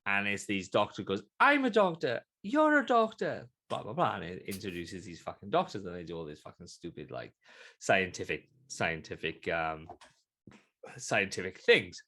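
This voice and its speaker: A man's voice: deep voice, normal speed. A man in his thirties from Britain, cohosting a casual podcast and telling stories with lots of swearing, on a desk microphone. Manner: animated, swearing storyteller. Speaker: podcast host. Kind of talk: casual chat. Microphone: desk USB microphone.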